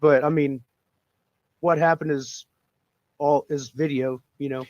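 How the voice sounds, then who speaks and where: Halting man on a lo-fi call. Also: a little high, fairly even intonation, no room sound. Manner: halting, many restarts, dark humor. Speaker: police accountability guest. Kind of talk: casual video call chat.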